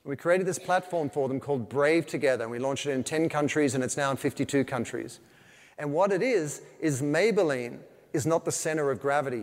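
A veteran marketer gives an animated keynote, a man with a somewhat high-pitched voice telling stories and acting out quoted asides. His voice carries a long reverb from the hall around him. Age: older. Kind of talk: business talk to a live audience.

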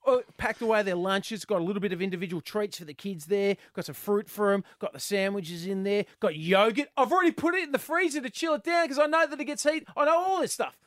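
A man hosting a radio show, telling a comic story with energetic, punchy exclamations. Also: high-pitched, fast talker, few pauses, no echo. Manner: energetic, punchy exclamations, yells in retold scenes. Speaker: radio host.

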